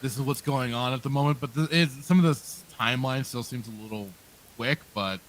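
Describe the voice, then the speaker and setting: A man's voice: mid-range voice, a little fast, slight background noise, rough recording. A man co-hosting a casual podcast, hesitant and hedging as he talks. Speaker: podcast co-host. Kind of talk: casual chat.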